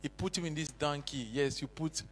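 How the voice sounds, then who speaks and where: A man preaching a sermon, with impassioned swings between loud exhortation and hushed intensity. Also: fairly high pitch, moderate pace, breathy edge. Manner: non-native English with broken grammar. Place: church hall. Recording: echoey church hall.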